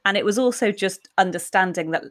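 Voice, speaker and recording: A woman's voice: mid-range voice, brisk. A woman in her forties, talking reflectively and candidly in a podcast conversation.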